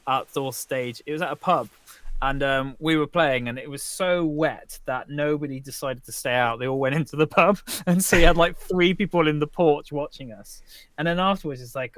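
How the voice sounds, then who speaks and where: Rambling British musician, slightly high voice. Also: male voice, moderate pace, fairly bright tone, no room sound. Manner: rambling and self-deprecating, laughs often. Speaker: musician guest and co-host. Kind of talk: casual chat on a livestream. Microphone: video call.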